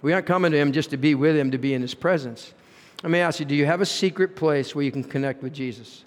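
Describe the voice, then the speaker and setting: A man's voice: on the high side, fast. Man, pastor, sermon, earnest, rhetorical questions, reverberant church sanctuary. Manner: earnest, rising and falling emphasis, rhetorical questions.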